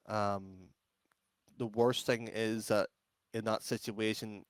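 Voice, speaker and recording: A man's voice: lowish voice, no room sound. Blunt rambling Irish man, dry mic. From Ireland. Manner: rambling, blunt, lots of fillers and restarts. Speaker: esports caster, podcast guest. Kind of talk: casual interview chat.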